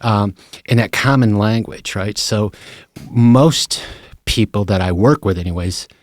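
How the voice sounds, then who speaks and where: A man's voice: fairly low pitch, a little slow, no room sound, clean studio sound. A middle-aged man hosting a podcast, talking casually and telling stories with emphasis. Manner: animated, emphatic storyteller. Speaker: podcast host. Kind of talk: casual chat.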